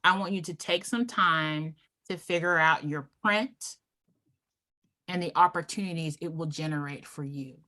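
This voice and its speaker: A woman's voice: low-pitched, bright, forceful tone. Emphatic woman giving a motivational speech. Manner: emphatic, deliberate pauses, lists points. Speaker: club speaker.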